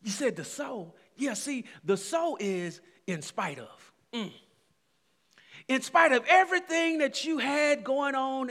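A man preaching from the pulpit, his voice sitting high and moving at an unhurried pace. He stacks repeated phrases as his fervor climbs, and a long reverb trails each line through the hall. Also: a bit bright. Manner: preaching with rising fervor and repetitions. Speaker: pastor. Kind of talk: sermon.

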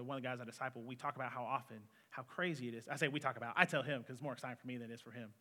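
A man's voice: medium pitch, bright, forceful tone. A man in his twenties preaching an earnest, conversational sermon as a student pastor in a church hall. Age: 20s. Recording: long reverb of a hall.

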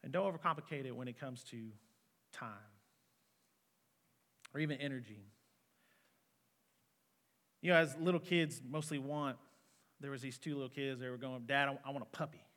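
A man's voice: medium pitch, normal speed, pauses often, a bit bright. A man in his twenties preaching an earnest, conversational sermon as a student pastor in a church hall. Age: 20s. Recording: long reverb of a hall.

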